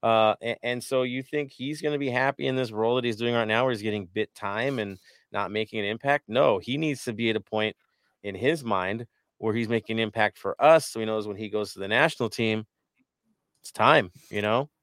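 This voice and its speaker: Male host, lowish voice, dry close sound, loose and rambling delivery with plenty of fillers. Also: a little fast, a bit bright, no room sound. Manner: rambling, lots of fillers and restarts. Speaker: podcast host. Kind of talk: casual sports talk panel.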